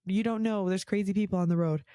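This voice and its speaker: A woman's voice: medium pitch, fairly even intonation, quick pace, warm tone, no room sound, natural voice. A woman imitating her mother, a protective parent who scolds and warns in a raised voice. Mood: warning. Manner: urgent, scolding. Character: protective mother, cautious then furious.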